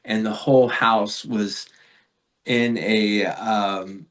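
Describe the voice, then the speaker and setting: A man from Florida, a podcast guest, telling a rambling spiritual story in a reflective, casual way with fillers and soft laughs. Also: fairly low pitch, fairly even intonation, drawn-out words.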